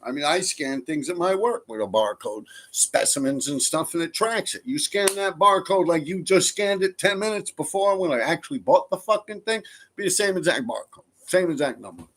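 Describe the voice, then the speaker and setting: New streamer, male, higher-pitched, loose profane chat with viewers. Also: lively intonation, normal speed, a bit bright. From New York. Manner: rambling, profane, laid-back. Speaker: streamer reading viewer comments. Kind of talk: casual live-stream chat.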